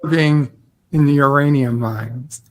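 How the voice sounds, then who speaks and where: A man in a casual live-stream chat, deadpan and joking with a mock-sinister edge. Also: medium pitch, a little slow.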